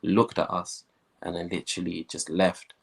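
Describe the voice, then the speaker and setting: A young man, a guest, telling his life story in a lively way and acting out the voices of the people in it. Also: low-pitched, moderate pace, vocal fry. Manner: animated storyteller, acts out quoted voices.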